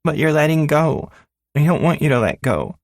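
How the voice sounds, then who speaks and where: A man voicing a timid six-year-old girl in an audiobook, pitching up into a high, pleading, childlike voice. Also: very animated, moderate pace, no room sound, clean studio sound. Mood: scared pleading. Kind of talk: audiobook character voice.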